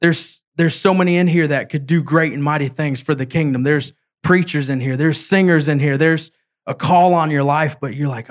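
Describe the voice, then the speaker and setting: A man preaching a sermon as an evangelist, retelling a story in casual words and reading scripture aloud with halting slips. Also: on the high side. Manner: storytelling, voicing characters in a casual way.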